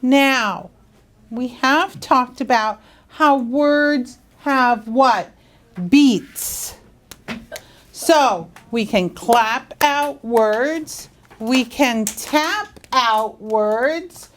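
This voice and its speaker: A woman teaching young students phonics in a school classroom, drawing words out slowly and asking coaxing questions. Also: fairly high pitch. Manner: slow, drawn-out, coaxing questions.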